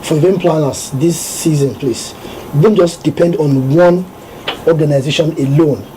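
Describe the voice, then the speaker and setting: A man's voice: fairly high pitch, normal speed, mellow, a little hiss or hum, low-quality recording. A Nigerian man, a security professional, speaking earnestly as a radio guest and repeating his key points. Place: radio studio.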